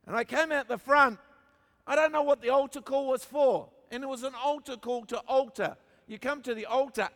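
High-voiced Australian preacher in a reverberant hall. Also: male voice, steady tone, moderate pace, a bit bright. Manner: storytelling with humor, emphatic repetition. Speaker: pastor. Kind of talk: sermon.

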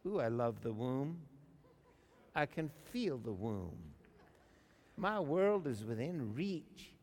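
A man's voice: mid-range voice, sing-song, slow pace, darkish tone. A man doing a cooing unborn baby. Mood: cooing contentment. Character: contented unborn baby in the womb. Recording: long reverb of a large hall.

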